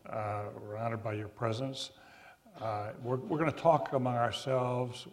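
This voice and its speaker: An older man moderating a forum interview, speaking in a measured way with many pauses. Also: mid-range voice, steady tone. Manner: measured, with frequent uh fillers and restarts.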